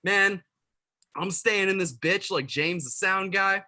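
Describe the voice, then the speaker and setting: A man's voice: high-pitched, takes it slowly, sharp tone, heavily acted. A man playing a drunk, sweaty ghost of a party bro in an amateur comedy sketch, with loose, slangy talk. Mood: rowdy. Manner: slurring, laid-back slang. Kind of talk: amateur comedy sketch over video call.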